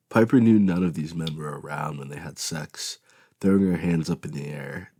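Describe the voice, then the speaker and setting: A man narrating an audiobook in a flat, even reading voice. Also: rumbling low, normal speed, husky, dry recording, studio quality. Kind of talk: scripted narration.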